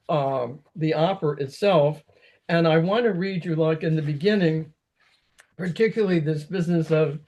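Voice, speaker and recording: A man's voice: fairly high pitch, a little mellow. A man giving an informal talk about an opera, rambling with frequent restarts. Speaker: opera lecturer.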